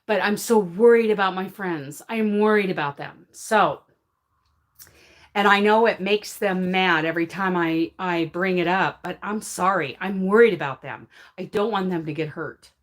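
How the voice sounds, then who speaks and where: A woman's voice: on the low side, moderate pace. A woman hosting a casual livestream and answering viewer comments, emphatic and emotional, often apologizing and laughing between points. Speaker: crochet livestream host.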